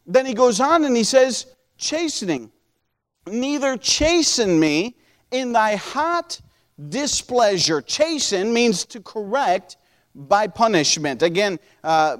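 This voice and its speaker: A man with a notably high-pitched voice delivers a sermon as a pastor. He speaks earnestly and conversationally, with frequent restarts, then slows and lifts his voice for each scripture quotation.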